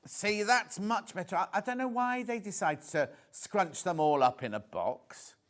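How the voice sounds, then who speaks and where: A British man hosting live TV sales, talking in a chatty, rambling way that keeps doubling back on itself. His voice sits a little high for a man. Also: lively intonation, a little slow. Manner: chatty, repeats words, reads out viewer messages. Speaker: shopping channel presenter.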